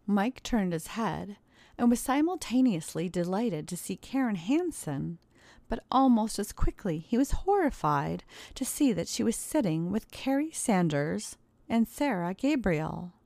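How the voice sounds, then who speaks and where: A woman narrating an erotic story in a smooth, measured storytelling manner into a close microphone. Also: medium pitch, big pitch swings, dark tone, no room sound.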